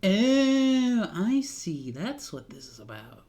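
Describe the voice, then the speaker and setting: A woman streaming a game live, reading dialogue and reacting expressively. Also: mid-range voice. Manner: slow, expressive, animated reactions.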